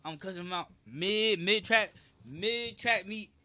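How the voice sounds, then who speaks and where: Bright, animated young man telling a story. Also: high voice, measured pace, no room sound. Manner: animated, profane, emphatic. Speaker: streamer. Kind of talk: casual storytelling.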